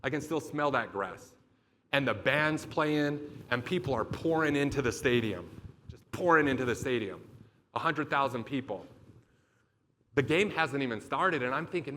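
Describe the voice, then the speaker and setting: A man's voice: mid-range voice, lively intonation, unhurried, long pauses, pushed and bright, a little hiss or hum. A man giving a motivational keynote talk, telling a vivid story with lots of swearing. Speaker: motivational speaker. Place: event stage.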